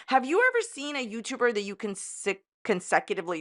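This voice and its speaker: A woman's voice: a little high, very animated, fairly quick, few pauses, a bit bright. A woman ranting in a sarcastic, catty YouTube commentary, mocking with a repeated running joke. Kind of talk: casual commentary rant.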